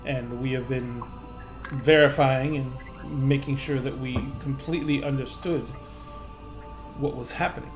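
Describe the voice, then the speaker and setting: A man voicing an older male gnome scholar who speaks slowly and cautiously. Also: mid-range voice, fairly even intonation, over music, close to an everyday voice.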